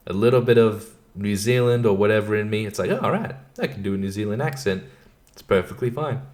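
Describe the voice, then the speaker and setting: A young man hosting a solo podcast, rambling and sardonic, swearing often and laughing at his own jokes. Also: on the low side. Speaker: podcast host.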